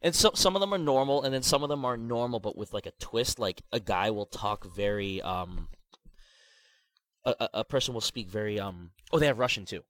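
Rambling man in casual game chat. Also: fairly quick. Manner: rambling, many restarts and "like", animated pitch swings. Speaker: podcast co-host. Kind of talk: casual chat about video games.

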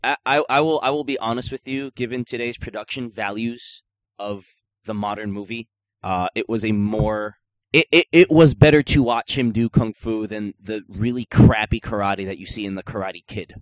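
A man's voice: on the low side, normal speed, no echo. A man hosting a gaming podcast in casual chat, joking and rambling with lots of filler words. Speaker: podcast host.

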